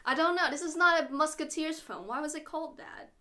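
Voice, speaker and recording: Bright, high-voiced woman chatting. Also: fairly quick. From Vietnam. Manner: giggly, trips over words. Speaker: podcast co-host. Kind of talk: casual chat.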